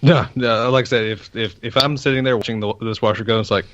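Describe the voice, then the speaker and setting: A man's voice: medium pitch, steady tone, fast, fairly bright tone, no room sound. A man in casual podcast chat, matter-of-fact, with stumbling restarts. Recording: dull lo-fi sound.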